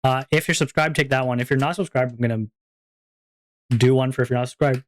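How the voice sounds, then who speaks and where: The voice is mid-pitched and brisk as a streamer closes out a casual live stream. The talk rambles freely without a script, with many fillers and plenty of giggles.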